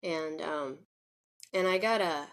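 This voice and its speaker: A woman's voice: deep voice, slow pace. A woman telling a personal story to camera, rambling and circling back with many restarts and fillers in an earnest, confiding way. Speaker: vlogger. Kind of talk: personal spoken reflection.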